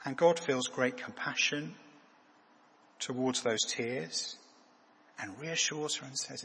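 A man delivers a sermon in a slightly husky voice, halting and repeating words before sinking into a quiet, low tone. His voice carries the long echo of a large hall. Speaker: preacher.

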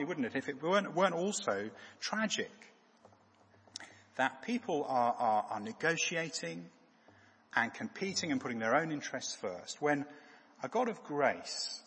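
Husky preacher man in a reverberant church. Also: mid-range voice, a bit bright. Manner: halting, with frequent fillers and restarts. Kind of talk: sermon.

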